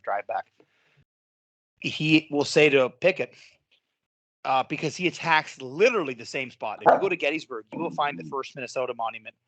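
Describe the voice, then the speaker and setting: A man's voice: medium pitch, fairly bright tone, no room sound. A man co-hosting a casual history podcast, enthusiastic, laughing often and swearing now and then. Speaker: podcast co-host.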